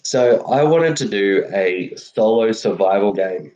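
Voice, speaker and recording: A man's voice: on the low side, animated, a little slow, darkish tone. An Australian man co-hosting a casual chat, laid-back and laughing easily, often restarting his words. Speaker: podcast co-host. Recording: slightly dull lo-fi audio.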